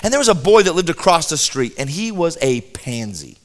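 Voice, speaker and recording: A man with a notably high voice telling a comic story to a listening crowd. He is animated and tends to double up the first word of a sentence as he gets going. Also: fairly quick. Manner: animated, repeats words when starting sentences.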